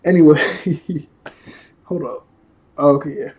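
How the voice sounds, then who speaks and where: A man's voice: fairly high pitch, fairly even intonation, takes it slowly, slightly rough, phone-quality sound. A man casually reviewing a cartoon episode, talking in loose slang with lots of fillers and frequent chuckles.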